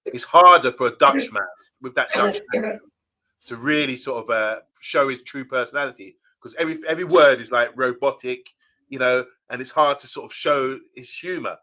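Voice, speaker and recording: Male co-host, bright ringing tone, chatty, reads out viewer comments on a live stream. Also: mid-range voice, normal speed. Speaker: co-host of a fan channel live show. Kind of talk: casual live-stream chat.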